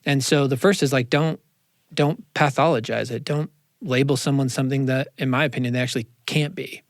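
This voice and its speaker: A man, a counselor, talking in a casual interview, animated and quick with asides, in a studio. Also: medium pitch, dry recording. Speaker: counselor, podcast guest. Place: radio studio.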